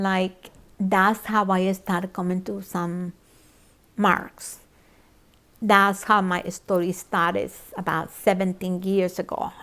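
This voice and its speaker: Earnest middle-aged woman telling her story. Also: mid-range voice. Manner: emotional, repetitive, earnest. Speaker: church member sharing her story. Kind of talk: personal testimony.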